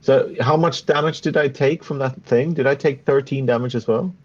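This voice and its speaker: A man playing in a tabletop game, quick to laugh and to argue the fairness of the rules. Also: mid-range voice, lo-fi sound. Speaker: player.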